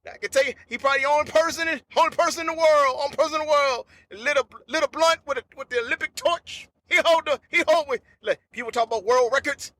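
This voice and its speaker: Comic host man, very high and sharp voice, loose rambling slang riffs. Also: quick pace, few pauses. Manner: rambling, repetitive slangy storytelling. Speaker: podcast host. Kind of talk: unedited comedic monologue.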